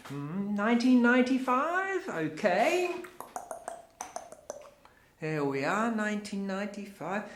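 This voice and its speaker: An actor with an Australian accent playing a showy, evasive middle-aged crusade leader in a theatre monologue, chatting straight to the audience. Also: male voice, high voice, fairly bright tone, full character voice. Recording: roomy, echoey.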